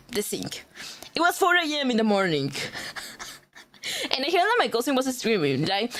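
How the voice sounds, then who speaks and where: A young adult woman streamer in casual livestream chat, telling a rambling story full of swearing and laughter while greeting viewers. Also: mid-range voice.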